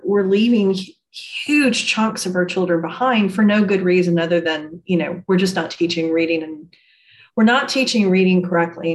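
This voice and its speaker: Earnest host chatting, measured, mid pitch, says you know a lot. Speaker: interviewer. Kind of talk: conversational interview.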